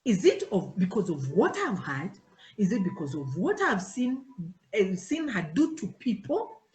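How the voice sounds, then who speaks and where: An unhurried, mid-range female voice comes through poor audio in an echoey room. The speaker, a pastor's wife, teaches her worship team informally, animatedly acting out dialogues with changing voices.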